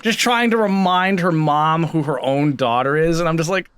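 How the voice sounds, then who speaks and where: A young man co-hosting a casual podcast, telling stories and acting out relatives in high voices. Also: normal speed, clear, resonant tone, dry recording. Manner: animated storyteller, mimics relatives in high voices. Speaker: podcast co-host. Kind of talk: casual chat.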